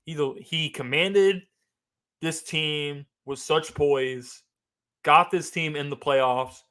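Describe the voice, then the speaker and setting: A man talks through his opinions in an unscripted monologue, pressing his points by repeating them. His voice sits a little high for a man, with a bright, forceful edge. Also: slow pace. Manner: animated, emphatic, repeats phrases. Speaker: sports podcast host. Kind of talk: casual opinion commentary.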